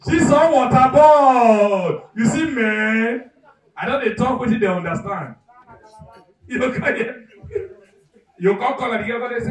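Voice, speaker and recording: Nigerian guy doing stand-up, high voice, animated, mic kinda far off. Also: measured pace, pauses often, roomy sound. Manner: loud, animated, acts out characters, shouts punchlines. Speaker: stand-up comedian. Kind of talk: live stand-up comedy. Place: live comedy venue. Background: audience.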